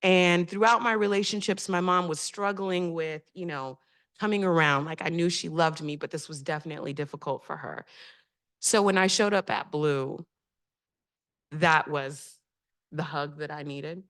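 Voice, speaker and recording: Low-voiced woman telling a heartfelt story. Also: normal speed, a bit bright. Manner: heartfelt, reflective, often hesitant. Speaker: panel speaker. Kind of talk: personal storytelling at a community panel.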